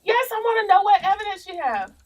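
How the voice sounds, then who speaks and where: A woman who is crying, pleading and praying out loud after her arrest, recorded on police bodycam. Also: extremely high pitch, big pitch swings, fast. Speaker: arrested former deputy. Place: police station holding room. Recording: distant bodycam audio.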